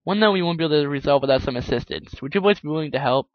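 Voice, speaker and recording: A man's voice: on the high side, expressive, rapid-fire, no room sound, highs cut off. A man voicing a boastful showy unicorn mare. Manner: grand, theatrical, speaks of herself in third person.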